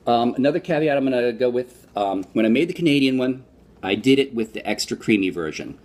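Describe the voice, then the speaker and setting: A man's voice: medium pitch, lively intonation, fairly quick, darkish tone. A man from the United States giving a casual, rambling food review vlog, with fillers and restarts. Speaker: vlogger.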